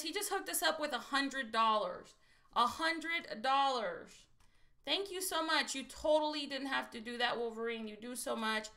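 A woman from Texas hosting a casual lottery scratch-off livestream, chatty and excitable and talking straight to her viewers. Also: high voice. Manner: chatty and excitable, keeps saying "you guys".

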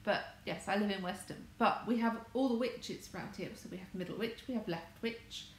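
A woman's voice: mid-range voice, normal speed. An English woman from England rambling in casual livestream chat, wandering and correcting herself as she talks from her home. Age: adult, married. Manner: chatty, wandering, self-correcting. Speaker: crafts vlogger. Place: home conservatory. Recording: echoey room, faint background noise.

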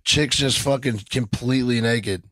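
A man's voice: mid-range voice, moderate pace, fairly bright tone, no echo. A man co-hosting a podcast, chatting loosely and profanely with friends, often laughing. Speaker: podcast co-host. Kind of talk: casual group banter.

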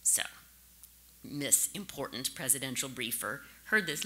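American woman, 50s, conference speaker; anecdotal and conversational, crisp bright timbre. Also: very deep voice, animated, moderate pace. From St. Louis, USA. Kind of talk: conference speech.

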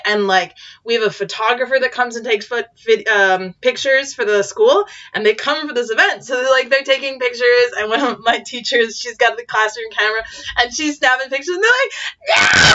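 A woman who teaches in Japan tells a story in casual chat, animated and full of fillers, acting out quotes with high squeals. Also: dull audio.

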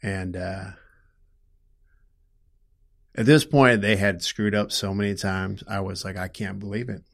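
Middle-aged man, lowish voice, interview guest; halting, emotional storytelling, gets heated. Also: steady tone, vocal fry. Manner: emotional, halting, restarts often, grows loud when upset. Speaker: guest telling his story.

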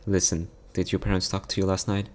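A man reading a visual novel story aloud, narrating and voicing every part in a soft, heartfelt way. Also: deep voice, completely flat delivery, a little fast.

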